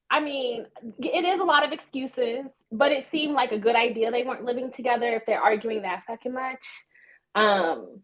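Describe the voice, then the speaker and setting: A woman guest chatting frankly over a video call from outdoors in the sun, relaxed and casually swearing. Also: on the high side, low-quality recording. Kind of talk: casual reality TV recap chat.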